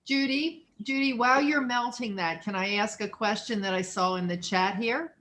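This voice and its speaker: A woman's voice: on the high side, moderate pace, a bit bright. A woman moderating a live online class, politely cutting in to pass along questions from the chat.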